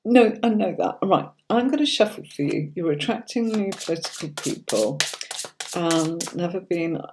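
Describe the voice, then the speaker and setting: A middle-aged woman with a lowish, darkish, expressive voice gives casual tarot readings on a livestream at a moderate pace, with a little hiss or hum audible. She reads viewers' comments out loud, answers them by name, and often calls them darling or sweetie as she chats.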